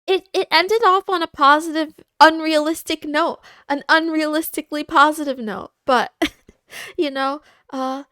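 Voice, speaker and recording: A woman streamer chatting casually on a livestream, halting and confiding, with frequent pauses and restarts. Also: high voice, a bit bright, no echo, studio quality. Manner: halting, with many fillers and restarts; candid and confiding.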